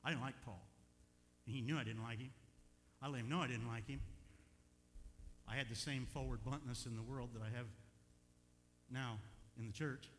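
An older man preaching a sermon as pastor, telling a personal story with animated swings from quiet asides to loud, emphatic peaks. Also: medium pitch, moderate pace, pauses often. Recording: echoey hall with faint hum.

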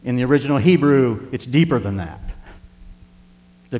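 A man's voice: medium pitch, lively intonation, normal speed, pauses often, a little mellow, long reverb tail. A middle-aged male pastor preaching a sermon, emphatic and repetitive, reading scripture aloud.

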